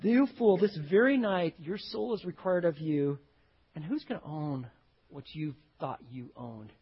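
A male pastor delivers a sermon in a high, slightly husky voice. He moves from quiet, low-key stretches to loud, dramatic readings of quotes. The recording sounds dull and lo-fi. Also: a little slow. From Texas. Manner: dramatic swings from hushed to loud, acts out quotes.

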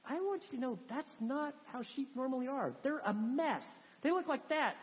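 A woman's voice: high voice, lively intonation, normal speed, few pauses. Woman preaching in an echoing hall. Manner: conversational, emphatic, many fillers. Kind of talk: sermon. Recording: long hall reverb.

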